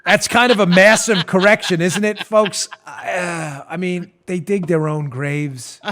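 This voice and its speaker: Sarcastic, higher-voiced male talk host. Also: steady tone, unhurried, fairly bright tone. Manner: sarcastic, mocking, laughs at his own jabs. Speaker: political talk show host. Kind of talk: opinionated commentary.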